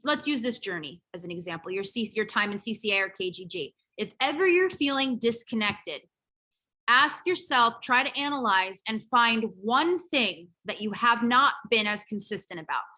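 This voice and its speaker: A woman coaching her program members in a chatty, candid motivational talk, a little hoarse as she loses her voice. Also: a little high, lively intonation, moderate pace, bright, forceful tone. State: losing her voice.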